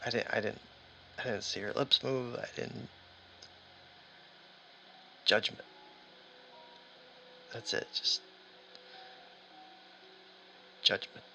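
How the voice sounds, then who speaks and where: A man's voice: mid-range voice, fairly even intonation, vocal fry, sharp tone, a little hiss or hum, exaggerated voice, low-quality recording. A man playing a shaken, stammering trucker. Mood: shaken, haunted. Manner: halting and stammering, with nervous laughs. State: exhausted and aching. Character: lost, shaken long-haul trucker man calling his dad. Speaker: solo tabletop game player. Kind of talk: first-person in-character monologue.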